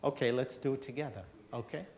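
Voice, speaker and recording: A man's voice: medium pitch, quick pace, vocal fry, darkish tone. Man teaching a breathing technique. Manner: explains step by step with frequent "okay?" checks; demonstrates breathing, coaxes audience to join. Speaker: seminar presenter. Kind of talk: health seminar talk to an audience. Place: church hall.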